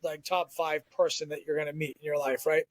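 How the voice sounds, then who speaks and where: A man from Southern Maine, a former TV sports reporter, telling stories as a podcast guest in an animated, chatty way. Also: fairly high pitch, no echo. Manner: animated storyteller, quick and chatty. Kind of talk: casual podcast storytelling.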